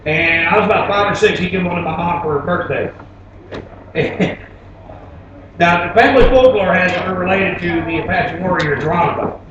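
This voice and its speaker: Rambling storyteller with a high voice. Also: male voice, normal speed, noisy background. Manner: laid-back, rambling, with fillers. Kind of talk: live comic storytelling on stage. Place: stage before an audience. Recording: distant, roomy, dull live recording.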